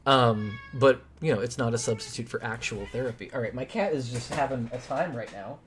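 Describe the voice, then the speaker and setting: A man's voice: mid-range voice, fairly quick, fairly bright tone, slight background noise. A man guesting on a podcast, talking casually with many fillers and restarts and laughing often. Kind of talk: casual chat.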